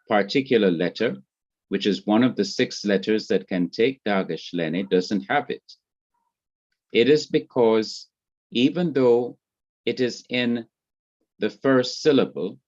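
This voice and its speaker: Slow, deliberate Jamaican man teaching. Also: fairly low pitch, a little mellow. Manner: slow, deliberate, repeats points. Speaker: Hebrew grammar teacher. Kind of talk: classroom lecture. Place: classroom. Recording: muffled lo-fi classroom recording.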